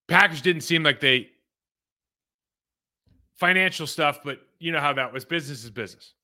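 A man's voice: a little high, moderate pace, pushed and bright. A man in his forties from California, a former pro football player, talking loosely through game film with plenty of football slang. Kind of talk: casual game-film breakdown commentary.

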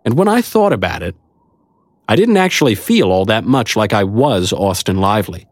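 A low-voiced narrator delivers a first-person audiobook story at normal speed, sounding very animated while staying wry and conversational. A close studio mic gives a dry recording.

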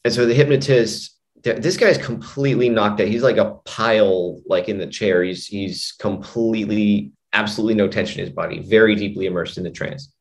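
In a lowish, steady voice at a fairly quick clip, a man who works as a hypnotist and mind coach rambles through a long story during a casual interview. Restarts come often, and "you know" and "like" are everywhere.

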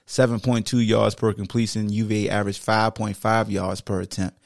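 A man's voice: on the low side, level tone, normal speed, creaky, dry recording, studio quality. A man hosting a sports podcast, reading stats matter-of-factly and patiently scolding his co-host.

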